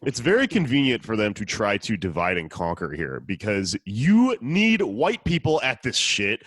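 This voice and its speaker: A man's voice: lowish voice, very animated, moderate pace, bright, forceful tone, no echo, studio quality. A man hosting a casual podcast, telling a story in a profane, sardonic way. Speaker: podcast host.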